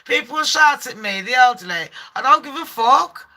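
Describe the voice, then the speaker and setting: A woman's voice: high-pitched, normal speed. A woman, hosting a casual chat and telling stories bluntly, with lots of swearing. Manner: blunt, sweary, animated storytelling. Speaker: livestream host.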